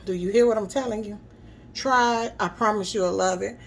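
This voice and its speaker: Gravelly woman cooking at home. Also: mid-range voice, moderate pace, a little hiss or hum, poor audio. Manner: chatty, addresses viewers, frequent "okay?" check-ins. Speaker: cooking vlogger. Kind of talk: casual cooking demonstration. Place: home kitchen.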